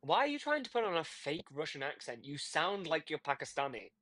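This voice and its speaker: Mocking man, slightly high voice, ribbing debate guests. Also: very animated, fairly quick, pushed and bright. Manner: teasing, mocking, laughs often. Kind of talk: casual online debate.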